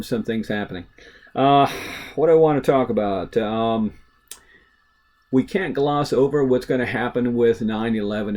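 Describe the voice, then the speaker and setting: A man's voice: medium pitch, a little mellow. A man teaching a recorded history lecture in a casual, talkative way, with many fillers and asides.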